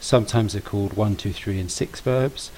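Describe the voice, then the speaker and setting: A man's voice: on the low side, normal speed, a little mellow, slight background noise, poor audio. A man teaching grammar to pupils in a patient way, stressing and repeating words. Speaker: language teacher.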